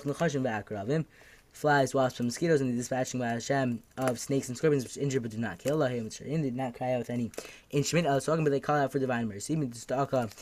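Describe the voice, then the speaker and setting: Man teaching a fast daf yomi class. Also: medium pitch, a little mellow. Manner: reads Aramaic then translates, with fillers and self-corrections. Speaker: Talmud teacher.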